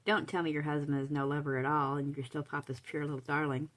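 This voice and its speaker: A woman reading aloud, voicing a spiteful young woman who taunts in a smooth, mocking tone. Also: low voice, little pitch movement, fast talker, close to an everyday voice, rough recording.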